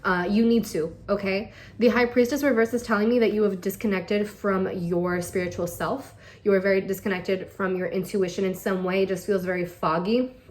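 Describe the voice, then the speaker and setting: A woman reads tarot cards in a casual, unscripted way. She speaks straight to the listener and coaxes them along, often checking in with a quick "okay?". Her voice sits at a middle pitch. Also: steady tone, darkish tone. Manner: direct, coaxing, tags lines with okay and all right. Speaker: tarot reader.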